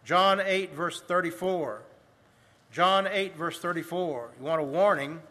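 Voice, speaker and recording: A man preaching from the pulpit, his voice high and bright. He reads scripture in old-fashioned wording and slows down to stress key phrases. The sound carries a long reverb, as in a large church. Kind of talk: sermon.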